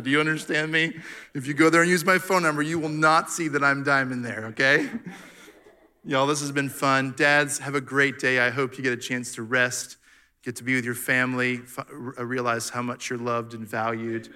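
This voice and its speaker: A man's voice: medium pitch, flat delivery, brisk, bright, forceful tone. A man leading a Father's Day church talk, playfully teasing the congregation with questions. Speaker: church speaker. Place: church hall.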